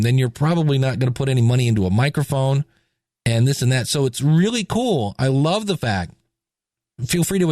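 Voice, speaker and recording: A man's voice: mid-range voice, no room sound, studio quality. A man hosting a podcast, talking casually and animatedly with jokes and asides. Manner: animated, chatty, joking. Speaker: podcast host.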